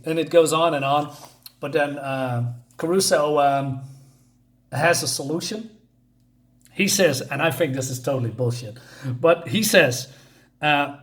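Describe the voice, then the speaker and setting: Dude reviewing a comic, kinda high voice, lots of ums, hunting for words. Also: male voice. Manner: halting, searches for words, many fillers. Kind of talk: casual review, reading comic aloud.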